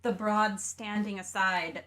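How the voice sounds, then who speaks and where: A woman's voice: mid-range voice, level tone, slow pace, a bit bright. A woman co-hosting a podcast, making blunt, assertive statements. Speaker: podcast co-host. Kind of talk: opinionated podcast talk.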